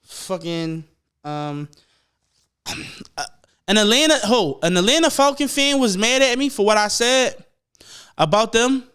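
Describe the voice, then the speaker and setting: Young male podcast host, high smooth voice, loose profane rambling sports talk. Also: lively intonation, a bit bright. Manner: profane, rambling, mimics people in quick asides. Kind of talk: casual sports rant.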